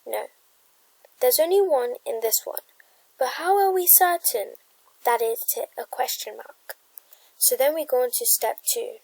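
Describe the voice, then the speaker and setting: A woman explaining grammar worksheet questions, halting and correcting herself, sometimes dropping to a soft whisper. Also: on the high side, no echo, low-quality recording. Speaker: grammar tutor.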